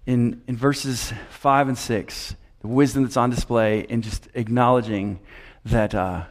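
Slow, emphatic preacher in a reverberant hall. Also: male voice, mid-range voice, steady tone. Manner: measured, emphatic preaching with repeated phrases and rhetorical questions. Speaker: pastor. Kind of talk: expository sermon.

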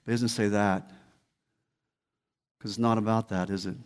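A man's voice: fairly low pitch, fairly even intonation, moderate pace, darkish tone, clean tone. A man preaching a sermon as pastor, emphatic and repeating key words. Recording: long hall reverb.

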